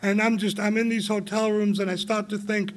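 High-voiced man telling his recovery story. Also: flat delivery, brisk. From England. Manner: candid, rambling storytelling with frequent laughs and emphatic swings. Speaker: recovery meeting speaker. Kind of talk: personal recovery story told to a meeting.

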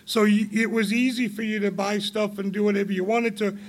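A high-voiced man in his forties, originally from England, shares his recovery story before a meeting. His telling is candid and rambling, full of laughs and sudden emphatic swings. His tone sits noticeably high for a man. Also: little pitch movement, a little fast.

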